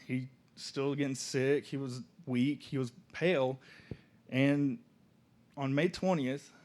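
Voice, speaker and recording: Young man telling his story. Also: medium pitch. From Oklahoma. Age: young adult. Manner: casual, halting, soft-spoken at moments. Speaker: student speaker. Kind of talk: personal testimony storytelling.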